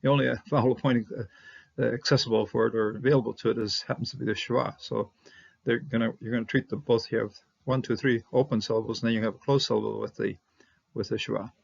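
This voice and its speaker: A man teaching a casual verse-by-verse Hebrew lesson, halting and thinking aloud with many fillers and small chuckles. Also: mid-range voice, fairly even intonation, vocal fry, slightly rough. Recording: dull lo-fi recording.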